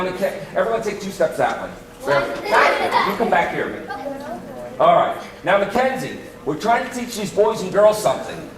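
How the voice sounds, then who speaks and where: Animated man performing for kids. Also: sits high, background noise. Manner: animated, teasing, drawing the children into call-and-response. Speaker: extension educator performing a gardening routine for children. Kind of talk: playful children's show presentation. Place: large indoor hall with a children's audience. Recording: echoey hall from far off, loud children in the crowd.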